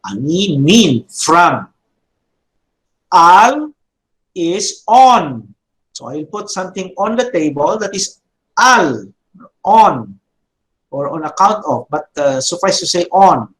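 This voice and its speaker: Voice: mid-range voice, sing-song, slow pace, pauses often, fairly bright tone, rough recording. A teacher with a Filipino accent giving a classroom lecture, repeating words and checking in with "okay?" and "no?", slipping into Tagalog now and then. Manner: mixes English with Tagalog. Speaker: Hebrew teacher.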